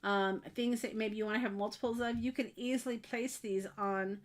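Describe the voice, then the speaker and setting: A woman's voice: on the high side, fairly even intonation, moderate pace. A woman chats with her viewers during a live craft stream. She talks in a friendly, rambling way, full of ums and little asides, from her craft desk at home. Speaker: craft livestream host. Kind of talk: casual live-stream chat.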